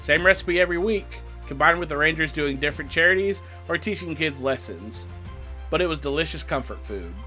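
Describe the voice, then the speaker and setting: A man hosting a comedic movie review show, animated and joking, poking fun at himself. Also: fairly high pitch, fairly quick, soft background music. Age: adult past teens. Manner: animated, joking, self-mocking.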